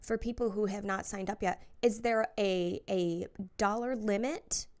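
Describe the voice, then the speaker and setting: A woman's voice: medium pitch, unhurried, a little mellow. A female podcast co-host speaks in a mid-range voice. She reacts eagerly and follows up with clarifying questions. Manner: enthusiastic, inquisitive. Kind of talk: podcast interview.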